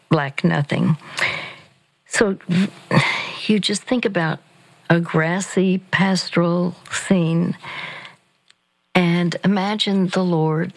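An older woman giving gentle, measured Christian counsel on a call-in radio show. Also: on the low side, gravelly, rough recording. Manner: slow, gentle, measured, with fillers.

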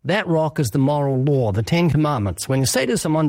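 In a studio-quality, dry recording, a man answers an interview as an evangelist guest, preaching earnestly and emphatically while acting out brief quoted exchanges. His voice is a little high and darkish, speaking a little fast with big pitch swings.

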